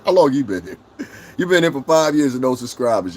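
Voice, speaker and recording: Brief: young man, livestream host, combative profane rant, mid pitch, faint noise behind. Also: animated, fast. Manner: profane, combative, mocks chat commenters in high mimicking voices.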